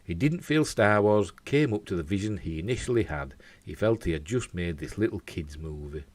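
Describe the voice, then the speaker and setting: A man's voice: deep voice, lively intonation, normal speed, darkish tone. A man with a Yorkshire accent hosting an entertainment news show, reading the story with jokey asides. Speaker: host.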